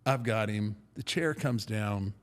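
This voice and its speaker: A middle-aged man casually telling a rambling, self-deprecating story with restarts, in a gravelly voice. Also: on the low side, measured pace. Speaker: podcast guest storyteller.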